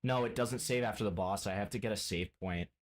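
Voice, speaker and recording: A man's voice: fairly low pitch, fairly quick. A man streaming games, swearing and ranting in a mock-angry way at his chat and friends. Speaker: game streamer. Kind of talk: casual live-stream chat.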